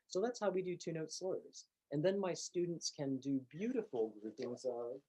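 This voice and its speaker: A man teaching piano, explaining calmly and patiently, step by step. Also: fairly high pitch, moderate pace, poor audio. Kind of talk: instructional demonstration.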